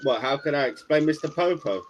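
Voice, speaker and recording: A man's voice: a little high, lively intonation, fairly quick, a little hiss or hum, rough recording. Chatty man co-hosting a podcast. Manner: chatty, hesitant with fillers, laughs at jokes. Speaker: podcast co-host. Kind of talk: casual podcast chat.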